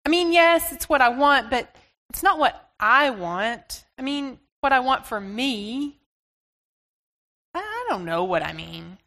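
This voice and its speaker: A woman's voice: high-pitched, big pitch swings, pushed and bright, full character voice. A woman playing a flustered middle-aged mother who stammers and halts as she searches for words. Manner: stammering, halting, rushed.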